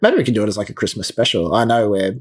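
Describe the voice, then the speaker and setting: A man's voice: fairly low pitch, very animated, very fast, breathy edge. A man co-hosting a podcast in casual, rambling chat full of fillers. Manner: chatty, rambling with many fillers. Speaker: podcast co-host.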